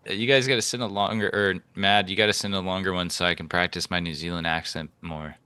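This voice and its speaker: Deep, crisp-voiced male moderator. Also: steady tone, quick pace, pushed and bright, no room sound. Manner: joking, teasing banter. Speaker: debate moderator reading donations. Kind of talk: casual live-stream chat.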